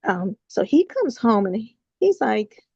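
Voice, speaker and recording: A woman with a mellow, raspy voice, talking as a podcast guest. She tells her story haltingly, full of fillers and restarts. The recording is dry and slightly lo-fi. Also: on the high side, big pitch swings, dry recording. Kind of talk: personal storytelling in an interview.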